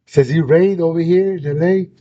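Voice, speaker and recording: Over a dull lo-fi recording with faint rumble, a young man hosting a casual chat tells a story thick with slang and swearing. His tone is warm and his speed normal.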